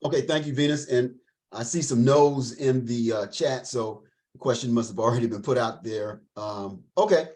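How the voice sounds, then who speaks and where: Male host opening a session, mid-pitched, relaxed, halting delivery. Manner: relaxed, with frequent filler pauses. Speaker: chamber president and host. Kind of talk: introducing a session.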